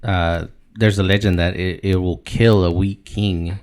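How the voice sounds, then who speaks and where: A man's voice: sits low, steady tone, unhurried, darkish tone, soft background music. A man co-hosting a casual podcast review, acting out characters' lines in goofy voices. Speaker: podcast co-host.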